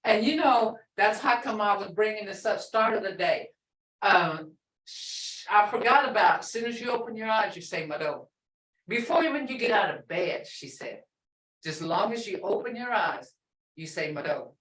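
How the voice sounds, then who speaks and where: A woman's voice: medium pitch, lively intonation, normal speed, a bit bright. Older woman teaching from across a roomy space. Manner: explains plainly with many examples and asides. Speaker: language teacher. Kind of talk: language lesson. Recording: roomy, from far off.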